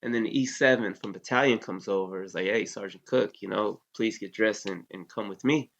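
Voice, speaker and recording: A man's voice: lowish voice, a little fast, gravelly. A man in his thirties, an Army veteran, telling a story in a loose, casual way, full of "you know" and swearing. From United States. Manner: laid-back, heavy with fillers like "you know", curses freely. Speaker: interview guest, Army veteran. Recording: dull lo-fi sound.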